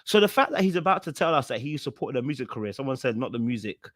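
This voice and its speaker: A man's voice: mid-range voice, fast talker, no room sound, clean studio sound. Chatty man reacting, repeating himself. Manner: animated, repeats himself, many fillers and restarts. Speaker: reaction video host. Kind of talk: casual commentary on a reality show.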